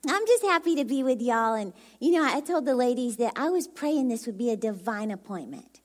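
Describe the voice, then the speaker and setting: A woman's voice: fairly high pitch, lively intonation, brisk. A woman from Dallas with a Texan accent and a very youthful, childlike voice, preaching as a bubbly, chatty guest speaker who laughs often. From Dallas, Texas. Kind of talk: sermon.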